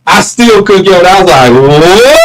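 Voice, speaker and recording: A man's voice: high-pitched, expressive, low-quality recording. A man rambling casually to his viewers on a phone live stream, greeting chatters by name and drawing out mock taunts. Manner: mock-challenging, drawn-out taunts. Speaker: livestreamer.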